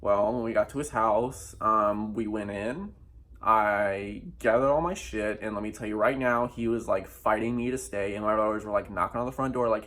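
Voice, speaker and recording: A man's voice: fairly low pitch, steady tone, normal speed, a bit bright. Young male vlogger, candid storyteller, emphatic and profane, acts out dialogue. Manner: candid and emphatic, swears often, acts out quoted lines. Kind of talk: personal storytime vlog.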